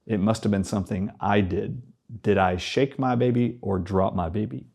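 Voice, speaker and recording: A guest on a talk show, a man telling a story in a low, warm voice. he speaks with animation and acts out each remembered line of dialogue in turn. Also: steady tone, moderate pace, creaky, husky. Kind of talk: storytelling in a conversational interview.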